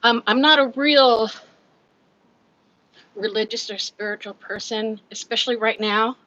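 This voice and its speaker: A woman in her fifties with a Californian accent talks candidly on a home livestream, a bit out of breath. Her voice is bright and forceful, though the recording sounds dull and muffled. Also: on the high side, measured pace. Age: 50s. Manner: candid, chatty, laughs often, reads comments aloud. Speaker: livestream host. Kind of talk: casual live chat.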